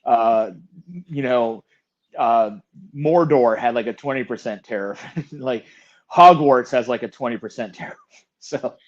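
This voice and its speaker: Brief: wry, swearing male co-host, mid-pitched, muffled lo-fi line. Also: measured pace. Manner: wry, profane, drops to mutters. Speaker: podcast co-host. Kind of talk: casual chat.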